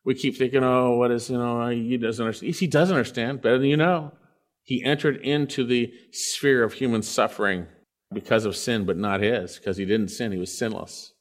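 A man's voice: mid-range voice, fairly even intonation, normal speed. Earnest male preacher reading scripture. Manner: earnest, swells loud on key phrases then drops quiet. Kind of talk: expository sermon with scripture reading.

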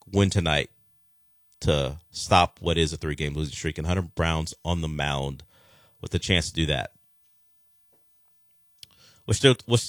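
A man's voice: low-pitched, fairly bright tone, no echo, studio quality. A man hosting a sports talk radio show, chatting casually and rambling with frequent restarts.

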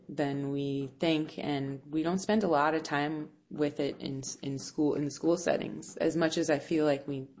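A woman with a low voice talks through her ideas in a relaxed interview. She often stops and restarts, reaching for the right words, and laughs now and then. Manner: thoughtful, searching for words with many restarts and fillers. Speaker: music teacher and composer. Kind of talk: casual interview answers.

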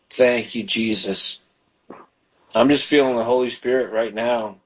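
A man leads a call-in radio ministry as pastor, praying fervently with his callers. His voice sits at an ordinary middle pitch. He slows down and softens as he moves into prayer. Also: fairly even intonation, breathy edge, low-quality recording.

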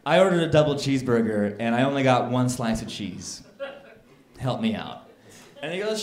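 A man doing stand-up comedy, telling a story with animated, exasperated rants to a live audience. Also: medium pitch, fairly quick. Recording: roomy live club sound, crowd audible.

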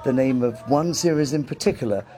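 A man narrating a news report as a correspondent, in a measured delivery. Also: mid-range voice.

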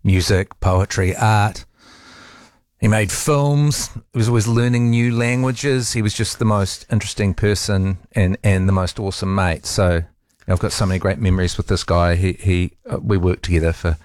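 A radio host, a man, speaks about a friend in a halting, heartfelt way, with restarts and soft laughs. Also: lowish voice, dry recording, clean studio sound.

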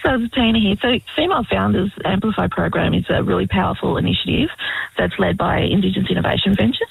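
A woman's voice: mid-range voice, creaky, breathy edge, no echo, poor audio. A woman from the Tweed area, a radio guest explaining a business program with fillers. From Tweed area, Australia. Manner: warm, proud, with fillers. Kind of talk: radio interview.

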